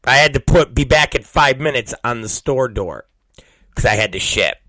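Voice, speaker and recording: Crude, animated forty-something man host. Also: medium pitch, moderate pace, no room sound. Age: 40s. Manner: vulgar, repetitive, bursts into shouted exclamations. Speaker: podcast host. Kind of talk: crude comedic monologue.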